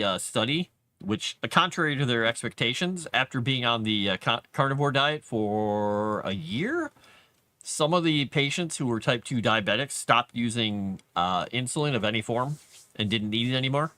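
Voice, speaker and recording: Lively chatty man hosting a stream. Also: medium pitch, no echo. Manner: chatty, rambling, animated, with laughs. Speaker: livestream host. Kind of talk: casual chat with live chat. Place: home basement.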